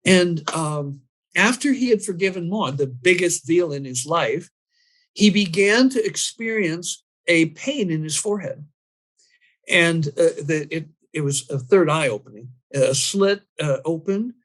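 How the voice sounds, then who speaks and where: A man's voice: a little high, expressive, a little slow, a bit bright. A man explaining his training method and telling a story about a client, acting out his own lines as he goes.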